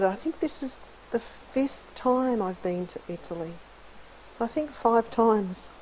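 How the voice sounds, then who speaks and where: Mellow-voiced woman lecturing. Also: medium pitch, slight background noise, poor audio. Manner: friendly and chatty, frequently clears her throat. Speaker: conference keynote speaker, psychologist. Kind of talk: conversational lecture. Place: university lecture hall.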